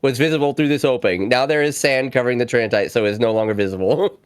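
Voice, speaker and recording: A man chatting casually on a stream, animated, swearing freely and laughing often. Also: medium pitch, quick pace, clear, resonant tone, no echo. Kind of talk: casual chat.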